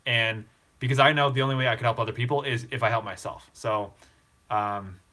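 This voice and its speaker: An earnest young man hosts a casual live stream, speaking with open emotion as he reassures a struggling viewer. His voice is bright and forceful, at an ordinary pitch. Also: fairly even intonation, brisk.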